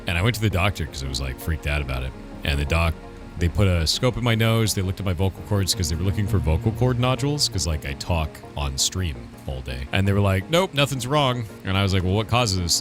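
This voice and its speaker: A man in his thirties with a low, deep voice tells a story in a loose, rambling way, full of fillers. His pitch swings widely, and clear music plays behind him. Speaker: streamer being interviewed. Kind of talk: casual interview answers.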